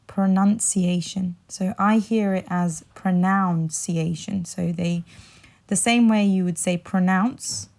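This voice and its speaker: A woman hosting a casual English-pronunciation podcast, chatting in a relaxed way and slowing down to repeat words carefully. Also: fairly low pitch. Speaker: English teacher and podcast host.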